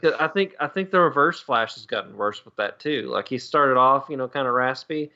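Opinionated male co-host, bright lo-fi sound. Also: mid-range voice. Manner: quick, laughs often, opinionated. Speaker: podcast co-host. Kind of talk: casual chat. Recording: slightly dull, lo-fi sound.

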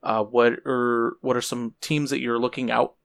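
A man hosting a podcast, asking a guest loose, relaxed questions. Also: mid-range voice, moderate pace, vocal fry. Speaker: podcast host. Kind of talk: interview questions.

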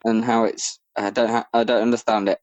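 A man's voice: lowish voice, little pitch movement, brisk, a little mellow, no echo. A man co-hosting a casual film review podcast, mostly giving short laid-back replies with the odd crude joke. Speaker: podcast co-host.

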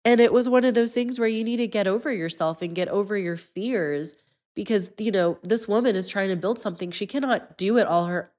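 A woman's voice: medium pitch, a little fast, a little mellow. A woman in her thirties hosting an interview podcast, talking earnestly and personally. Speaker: podcast host. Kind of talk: conversational interview.

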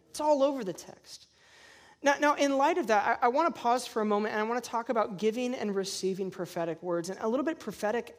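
Animated pastor telling stories in a sermon. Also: medium pitch. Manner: animated storytelling, self-deprecating humor. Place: church service before a congregation.

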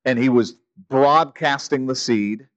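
A man preaching an expository sermon in a conversational, emphatic way, with sudden loud quoted commands. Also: mid-range voice, unhurried. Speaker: pastor.

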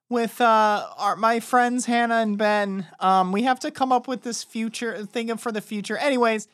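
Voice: mid-range voice, fairly even intonation, normal speed, hardly any pauses, a bit bright, no echo, studio quality. A tabletop player speaking in character, earnest and rambling with fillers. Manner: earnest, talks his way out with fillers.

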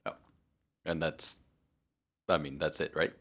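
Very deep-voiced man, affirming co-host. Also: little pitch movement, measured pace, fairly bright tone. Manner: brief affirming interjections. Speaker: podcast co-host. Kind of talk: casual podcast chat.

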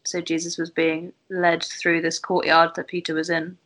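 A woman leading a casual Bible study discussion in a thoughtful, gently guiding way. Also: lowish voice, completely flat delivery, moderate pace. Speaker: Bible study group leader.

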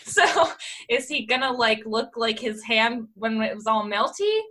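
A woman's voice: fairly high pitch, animated, measured pace, pushed and bright. A woman co-hosting a podcast, chatting casually with lots of "like" and giggles. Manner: chatty, filler-heavy, giggly. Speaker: podcast co-host. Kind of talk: casual chat.

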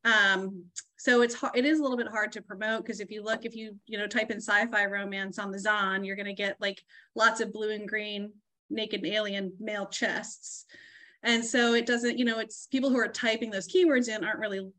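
Bright-voiced woman, thoughtful and hesitant. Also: mid-range voice, steady tone, normal speed. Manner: thoughtful, hesitant, many fillers. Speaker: author guest. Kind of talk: casual chat.

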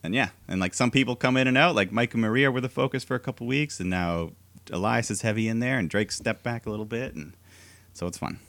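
A man's voice: medium pitch, fast, fairly bright tone, dry recording. A laid-back man co-hosting a podcast, recapping wrestling in casual chat. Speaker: podcast co-host.

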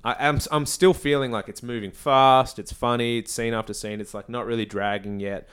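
A man's voice: medium pitch, fairly even intonation, moderate pace, fairly bright tone, clean tone. A man, co-hosting a casual podcast chat about a movie and retelling the scenes with animation. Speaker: podcast co-host.

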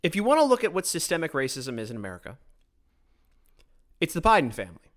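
A man's voice: fairly high pitch, huge pitch swings, fast talker, fairly bright tone. A man hosting a podcast, delivering a blunt, sarcastic political monologue into his own microphone, often stumbling and restarting his sentences. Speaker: podcast host.

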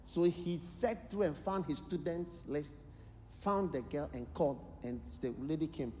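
A man with a Ghanaian English accent preaching a sermon, telling a story with lively acted-out voices and bursts of shouted prayer. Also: on the high side, a little slow, a little hiss or hum. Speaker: bishop preaching. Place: large church hall. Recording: echoey large hall, live sermon.

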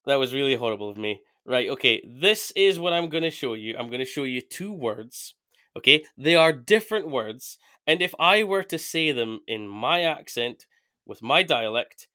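A Scottish man co-hosting a podcast, teasing his co-host in animated, casual chat. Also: medium pitch, moderate pace, no room sound, clean studio sound. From Scotland.

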